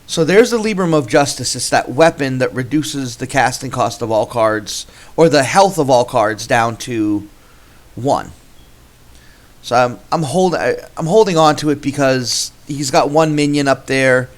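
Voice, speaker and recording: A man's voice: medium pitch, animated, a little slow. A man hosting a gameplay video, casually commentating his card game and thinking aloud with frequent restarts.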